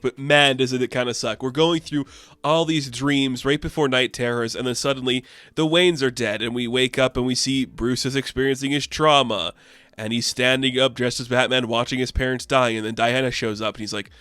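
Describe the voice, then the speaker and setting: A man's voice: medium pitch, moderate pace, fairly bright tone, no echo. A man reviewing comics in a casual, rambling way, with many fillers and the odd swear word.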